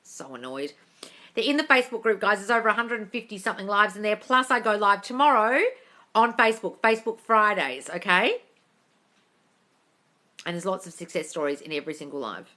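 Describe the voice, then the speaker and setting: A young woman hosting a casual live Q&A from her phone, animated and blunt and swearing freely as she reads out viewer comments. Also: medium pitch, brisk. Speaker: manifesting coach hosting a live Q&A. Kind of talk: casual livestream chat reading viewer comments. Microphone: phone mic on a social media live stream.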